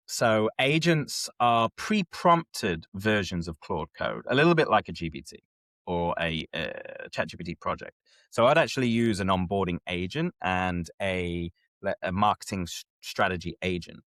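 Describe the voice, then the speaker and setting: A man's voice: lowish voice, unhurried, dry recording. A man hosting a casual chat, explaining step by step and often checking that his co-host is following. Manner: animated, keeps checking in with listener.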